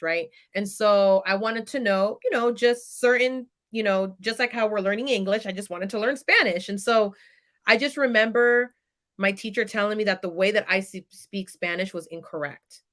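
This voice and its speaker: A woman in her thirties from California, a podcast guest telling personal stories in a casual, animated way and acting out what others said. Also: mid-range voice. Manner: animated, quotes people in lively voices. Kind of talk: casual interview storytelling.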